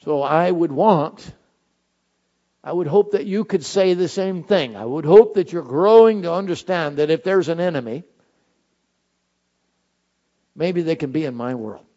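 A male pastor preaching a sermon, swinging from loud, high shouted phrases to soft, low, intimate ones. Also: lively intonation, moderate pace, dull audio.

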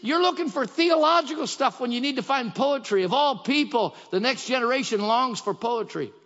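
A man's voice: very high-pitched, lively intonation, normal speed, a bit bright. A man preaching a sermon in a church sanctuary, talking in an emphatic, repetitive, exhorting way. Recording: dull echoey church hall.

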